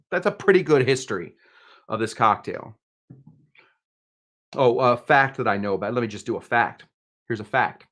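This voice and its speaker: A man's voice: medium pitch, fairly bright tone. A man hosting a casual livestream cocktail demo, chatty, with jokey asides and frequent restarts. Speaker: bartender and show host.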